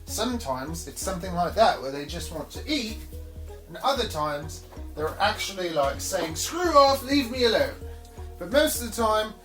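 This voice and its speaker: In her snake room at home, this reptile-keeping woman chats playfully to the camera and coos at her animals. She speaks at a moderate pace in a lowish voice with lively intonation, over soft background music on a rough recording.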